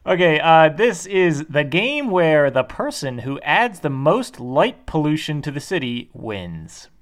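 A man's voice: a little high, big pitch swings, takes it slowly. A man co-hosting a podcast in casual chat, easygoing and agreeable, hesitating with frequent uhs. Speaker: podcast co-host.

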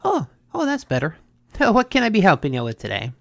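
A storyteller voicing a male bartender in an undersea bar, speaking in loud, blustery sailor talk. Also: medium pitch, wildly swooping pitch, fairly quick, gravelly, dry recording, voice pushed up. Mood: eager.

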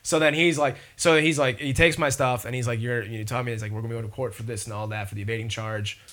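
Young man, bright voice, casual profane storyteller, podcast guest. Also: medium pitch, fast talker. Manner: rambling, profane, animated retelling.

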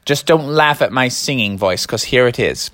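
A woman's voice: extremely low pitch, animated, normal speed, a bit bright, no echo. A woman voicing a showy male caterpillar who delivers singing telegrams, speaking in a grand, announcing way.

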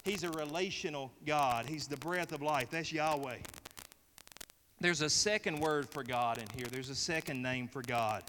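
A man's voice: a little high, pushed and bright. A middle-aged male pastor preaching a sermon, emphatic and repetitive as he leads the congregation. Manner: emphatic, repeating phrases, leading the congregation. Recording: reverberant hall with faint noise.

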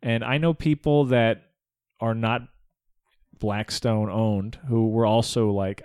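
A man's voice: on the low side, fairly even intonation, takes it slowly, a little mellow, smooth, dry recording, studio quality. A man in casual political chat, running through results matter-of-factly. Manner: plain, matter-of-fact, reads off results. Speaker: podcast host.

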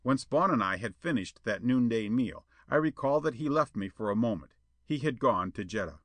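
A man reading a pulp adventure tale aloud as narrator, with an expressive storytelling manner. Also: mid-range voice, moderate pace, no echo.

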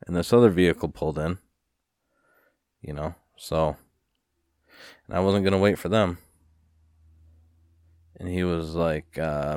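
A man hosting a podcast, telling a story in a casual, profane, rambling rant with animated retellings. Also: sits low, unhurried, long pauses, no room sound, studio quality. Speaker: podcast host.

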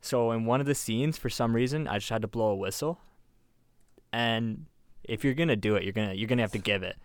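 A young man with a Canadian accent, co-hosting a podcast and telling stories with lively, sweary energy. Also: medium pitch, fairly quick, clean tone, no room sound, studio quality. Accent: Canadian English. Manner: animated, swearing storyteller. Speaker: podcast co-host. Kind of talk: casual chat.

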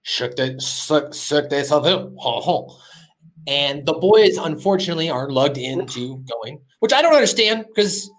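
A man's voice: on the high side, expressive, moderate pace, a bit bright. A man hosting a podcast, animatedly retelling a cartoon episode in a loose, casual chat with lots of fillers. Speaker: podcast host.

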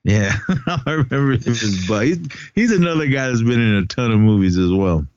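A man's voice: medium pitch, expressive, a little fast, darkish tone, smooth, no echo, lo-fi sound. A man co-hosting a movie podcast, talking casually and rambling with lots of fillers and laughs. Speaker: podcast co-host.

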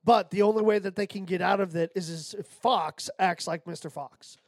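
A man's voice: high voice, normal speed, no echo, studio quality. A man on a film podcast giving his view casually, thinking aloud. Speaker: podcast co-host. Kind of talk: casual chat.

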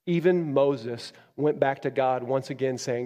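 A man preaching a sermon as a pastor, moving from loud, emphatic peaks down to quiet, low passages. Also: normal speed, hardly any pauses, long reverb tail. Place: church.

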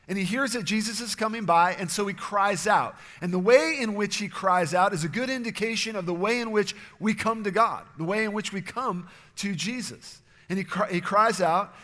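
A man preaching a sermon as pastor, earnest and steady, sometimes acting out quoted voices. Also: high voice, in a large hall.

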